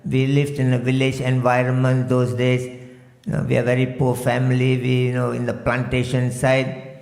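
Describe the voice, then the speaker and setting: A man's voice: mid-range voice, monotone, normal speed, creaky, darkish tone. A man from Malaysia giving a temple lecture as a swami, telling stories and sprinkling in "you know" and sung verses. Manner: frequent "you know" fillers, chants verses in a singsong. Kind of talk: storytelling sermon. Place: temple hall. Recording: echoey temple hall.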